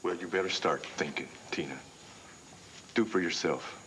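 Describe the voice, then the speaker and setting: A man's voice: low-pitched, normal speed, a bit bright, a little hiss or hum, poor audio. A man playing a betrayed husband in a TV soap opera, accusing and harsh, who keeps repeating his wife's name. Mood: bitter anger. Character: bitter betrayed husband back from abroad. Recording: broadcast TV audio with music underneath.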